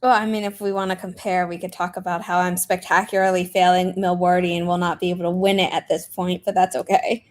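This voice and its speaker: A woman's voice: fairly low pitch, level tone, fast talker, hardly any pauses. A young woman hosting a casual writing livestream, chatty, greeting viewers with lots of fillers. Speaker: livestream host. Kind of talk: casual chat on a writing sprint stream.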